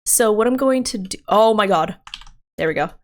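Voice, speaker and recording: A woman's voice: medium pitch, animated, normal speed. A woman streamer chatting casually and thinking aloud as she works, with frequent giggles and fillers. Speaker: livestreamer. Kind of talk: casual livestream chat.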